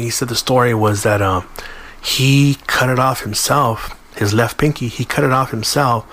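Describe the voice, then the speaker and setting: A man's voice: on the low side, fairly bright tone. Profane, slangy man. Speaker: podcast host. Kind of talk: casual storytelling.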